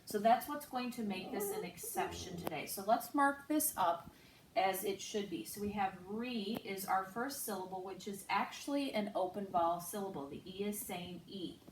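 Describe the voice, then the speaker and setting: A woman teaching a recorded phonics lesson to third graders, speaking slowly and clearly and drawing out each sound. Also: mid-range voice, a little hiss or hum. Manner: slow, clear, patient teacher talk with drawn-out sounds. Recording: echoey room, distant mic.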